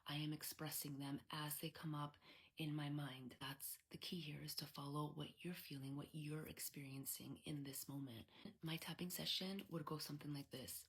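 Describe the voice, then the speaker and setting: Soft-spoken woman, low and gravelly. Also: fairly even intonation, moderate pace. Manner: soft, frequently whispered delivery. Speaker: EFT tapping coach. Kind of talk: guided tapping instruction.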